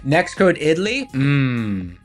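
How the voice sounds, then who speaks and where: Livestream host, man in his thirties, Philly accent, mid-pitched and easygoing, faint music underneath. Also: slow. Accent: Philadelphia American. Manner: relaxed, rambling, many fillers. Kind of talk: casual chat with viewers.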